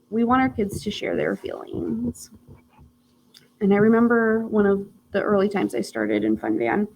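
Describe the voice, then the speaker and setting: A woman's voice: mid-range voice, creaky, a little hiss or hum, rough recording. A woman teaching a parenting class on a live stream, talking in a chatty way with lots of "like" fillers and personal stories. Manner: chatty, warm storytelling with frequent "like" fillers.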